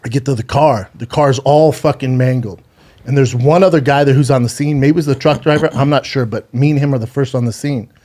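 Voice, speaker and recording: A man's voice: mid-range voice, a little mellow. A man in his thirties telling a harrowing personal story on a podcast, swearing often, stumbling and repeating words, holding back tears. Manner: profane, halting, restarts and repeats words.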